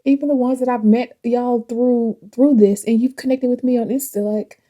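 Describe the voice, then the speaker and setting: A woman's voice: on the high side, fairly even intonation, normal speed, dark tone. A woman chatting casually and reflectively as a vlogger while driving, laughing often. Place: in a car.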